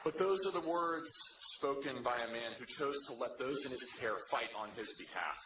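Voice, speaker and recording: Man giving a forceful rally speech. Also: medium pitch, animated, normal speed. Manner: forceful, rousing oratory. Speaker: veteran speaking at a rally. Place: large room with a crowd. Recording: echoey hall with noise.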